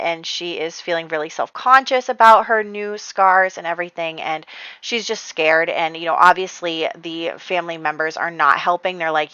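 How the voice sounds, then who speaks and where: A woman's voice: fairly low pitch, bright, forceful tone, clean tone, dry recording, dull audio. A woman chatting through her life-simulation game, rambling casually and laughing often. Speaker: gaming YouTuber. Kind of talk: casual gameplay commentary.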